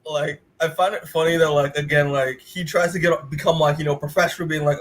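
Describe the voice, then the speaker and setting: A man co-hosting a podcast, talking casually with halting restarts and frequent laughter. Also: on the high side. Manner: laughs easily, halting and animated. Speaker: podcast co-host. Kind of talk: casual chat.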